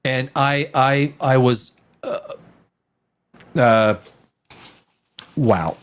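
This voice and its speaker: A man's voice: mid-range voice, drawn-out words, clean tone. A man hosting a live stream in casual chat, rambling and profane, with many restarts. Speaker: live show host.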